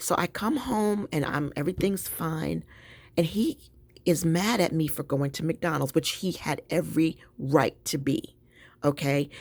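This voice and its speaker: Low gravelly woman venting. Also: no echo. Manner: chatty, exasperated, addresses viewers as y'all. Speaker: vlogger. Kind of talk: casual storytelling vent.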